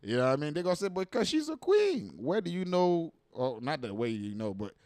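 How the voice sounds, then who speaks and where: A man's voice: mid-range voice, lively intonation, fast, a little mellow, smooth, dry recording. A man hosting a livestream, reacting to viral clips in casual, slangy, profane talk full of rhetorical questions.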